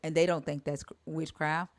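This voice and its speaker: Low-voiced woman host, dry sound. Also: level tone, normal speed, no room sound. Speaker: livestream host. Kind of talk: casual discussion.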